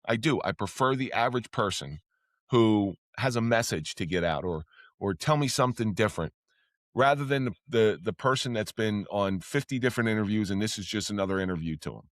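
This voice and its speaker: A man who used to be a police officer, a podcast guest telling stories in casual talk. He speaks candidly, swears freely, and his voice jumps up when he gets excited. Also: on the low side, brisk, dry recording, clean studio sound. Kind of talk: casual storytelling.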